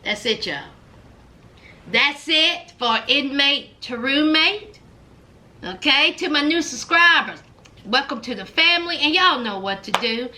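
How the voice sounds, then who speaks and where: High, lively woman host recapping drama. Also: a little slow. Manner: dramatic, exclaiming and drawing out words; chatty, speaks straight to her viewers. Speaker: YouTube host recapping a reality show. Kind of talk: casual reaction commentary.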